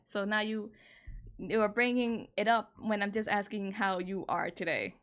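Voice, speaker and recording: A woman in her twenties streaming from home, telling a personal story in casual chat, candid and exasperated, swearing freely and jumping up in pitch when indignant. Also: normal speed, fairly bright tone.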